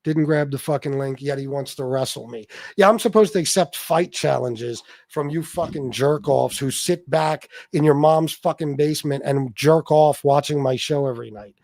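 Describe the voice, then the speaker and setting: A man's voice: fairly high pitch, moderate pace, few pauses, a little mellow, no room sound. Blunt, profane man hosting a livestream. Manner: blunt and profane, reading out viewer names. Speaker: livestream host. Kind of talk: casual livestream chat.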